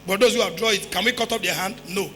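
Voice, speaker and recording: A man with a Nigerian accent preaching a sermon as pastor, emphatic, repeating phrases, firing rhetorical questions and at times breaking into shouts. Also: sits high, fast. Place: church hall. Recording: reverberant church hall with faint music.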